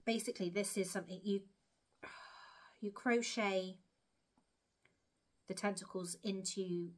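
A woman's voice: medium pitch, steady tone, takes it slowly, long pauses. A woman chatting casually to camera about her crochet projects, rambling and self-deprecating. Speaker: crochet vlogger.

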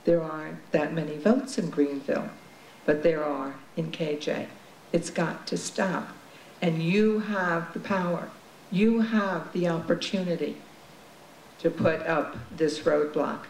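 A man giving a forceful public comment speech to a county legislature. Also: a little high, steady tone, unhurried, gravelly. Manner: forceful, urging. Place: legislature chamber. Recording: echoey chamber with faint noise.

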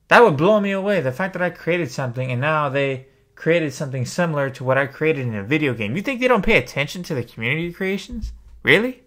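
Man, fed-up vlog rant, fairly high voice, swears a lot. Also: lively intonation, moderate pace, fairly bright tone. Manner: exasperated, ranting, swears freely. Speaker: wrestling YouTuber. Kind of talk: opinion rant to camera.

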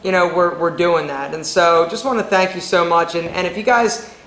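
Host, male, high and upbeat, echoey room. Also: steady tone, moderate pace, a bit bright, slight background noise. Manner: upbeat, laughs often, playful. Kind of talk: casual group chat. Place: office.

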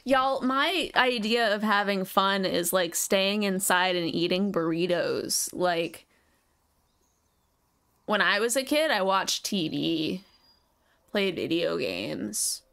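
A woman's voice: medium pitch, animated, slow, creaky, a bit bright. A woman streamer chatting casually and reflectively to her viewers during a live gameplay session. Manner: chatty, laid-back, reflective.

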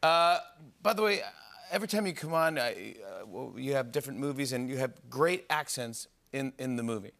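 A man hosting a late-night talk show, excitable and quick to exclaim, chatting with a guest in a TV studio. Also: medium pitch, vocal fry. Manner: excitable, exclaiming, fast back-and-forth. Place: TV studio with live audience. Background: faint studio audience.

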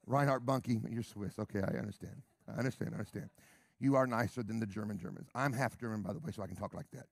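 A middle-aged man preaching a sermon with emphatic repeated questions, dropping to whispers and rising to loud calls. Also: on the low side, fast, vocal fry, no room sound.

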